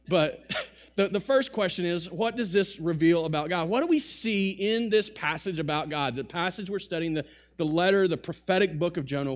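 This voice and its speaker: A man preaching a sermon to a congregation in a church, talking with rising bursts and quick asides. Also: fairly high pitch, highs cut off. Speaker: pastor. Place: church sanctuary.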